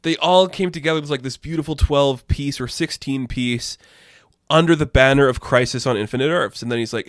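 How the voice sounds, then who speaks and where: A man giving casual, rambling commentary, chatty and quick to laugh. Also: mid-range voice, no echo, studio quality. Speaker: pop culture commentator.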